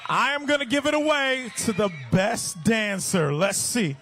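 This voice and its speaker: A man working as an event MC, shouting playfully to a crowd of kids and running call-and-response games. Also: very high-pitched, big pitch swings, measured pace, soft background music. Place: outdoor stadium fan event.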